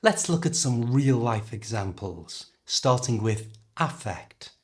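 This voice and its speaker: A middle-aged man with a British accent teaching an English lesson, carefully and clearly modelling how words are pronounced. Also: medium pitch, animated, slow. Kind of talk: language lesson.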